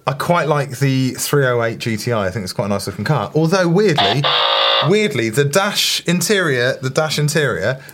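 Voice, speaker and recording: A man from the south of England, co-hosting a chatty podcast. He rants and jokes in an animated, loose way, his voice sitting at an ordinary middle pitch. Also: moderate pace, heavy background noise. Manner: ranting, joking, animated. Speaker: podcast co-host. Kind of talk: casual banter.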